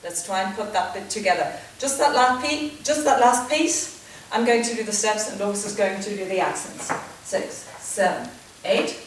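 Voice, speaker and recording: A woman dance teacher giving step-by-step instruction, counting beats and calling out steps in a steady rhythm. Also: medium pitch, normal speed. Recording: echoey, distant, noisy room sound.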